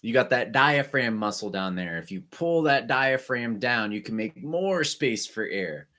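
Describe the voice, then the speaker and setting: A man teaching an online music lesson, guiding students through breathing and warm-up exercises with short, encouraging instructions. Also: medium pitch, lively intonation, unhurried.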